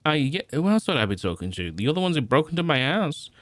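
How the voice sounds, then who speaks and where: A man's voice: on the high side, sing-song, fast talker, fairly bright tone, no room sound, pitched above the performer's own voice. A man voicing a flustered young man who keeps denying things, his protests rising in exasperation. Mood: exasperated.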